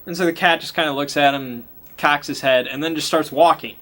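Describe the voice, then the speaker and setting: A man acting as game master, casually recapping a tabletop horror session with a bright, forceful voice that sits a bit high. He laughs often and drops the odd swear word. His talk is slangy and loose, in the manner of a friend telling a story. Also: steady tone, fairly quick.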